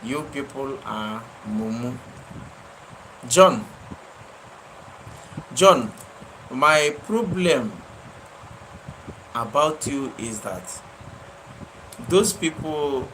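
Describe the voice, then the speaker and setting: A man's voice: mid-range voice, animated, extremely slow, long pauses, a bit bright, a little hiss or hum, rough recording. A man with a Nigerian accent hosting a live stream, answering viewers by name and scolding them with fiery, repetitive emphasis. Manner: impassioned, scolding, repeats his phrases for emphasis. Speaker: livestream host.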